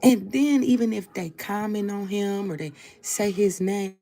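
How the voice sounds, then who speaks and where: A woman's voice: medium pitch, a little slow, creaky, warm tone, soft background music. A woman hosting opinion commentary, emphatic and repeating her points for stress. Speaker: commentary show host.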